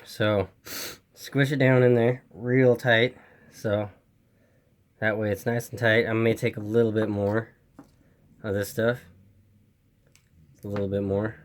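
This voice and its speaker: Speaking slowly and flatly with many pauses, a man with a lowish voice hosts an RC hobby video, giving a casual how-to on repairing an RC car. He rambles, says instructions more than once, and apologizes about the camera while his voice is failing.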